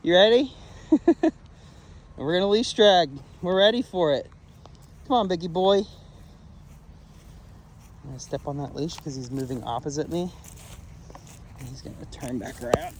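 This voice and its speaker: Male dog trainer on a trail, casual and chatty, fairly high and very lively voice that jumps up for praise. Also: a little slow, long pauses, slight background noise. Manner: switches to high sing-song praise for the dog; laid-back, chatty, laughs often. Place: outdoors on a wooded trail near a creek.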